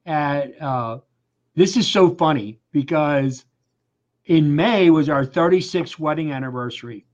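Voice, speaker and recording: Man, 60s, coach type, emphatic storyteller, slightly higher voice, lo-fi audio. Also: measured pace, darkish tone. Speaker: life coach. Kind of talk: casual podcast conversation.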